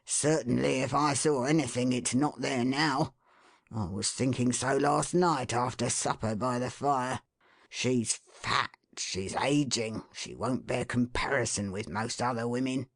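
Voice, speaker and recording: A grumbling middle-aged husband voiced by a woman reading an audiobook speaks in a low, gravelly mutter. He takes his time over every word, heavy and dragging. The sound is close and dry. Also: a little slow, dry recording, heavily acted. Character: middle-aged working-class husband, gruff then remorseful. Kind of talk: audiobook character voice.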